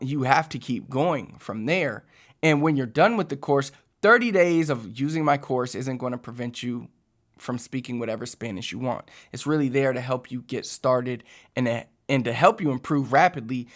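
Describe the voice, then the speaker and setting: Rambling man giving a casual language lesson. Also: medium pitch. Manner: rambling, repeats and restarts phrases; conversational, addresses viewers directly. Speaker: online Spanish teacher. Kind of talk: casual talking-head lesson.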